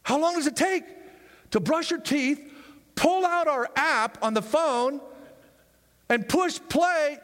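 A man preaching a sermon in a church, animated, acting out people's excuses in high voices. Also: in a large hall. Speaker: pastor.

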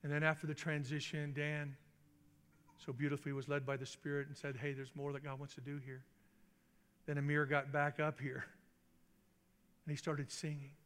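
Middle-aged guy preaching, kinda high voice, lots of echo from a big church hall. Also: moderate pace, long pauses. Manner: animated, acts out quotes with big pitch jumps. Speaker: pastor. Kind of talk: sermon storytelling. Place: church sanctuary. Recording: long reverb in a large hall.

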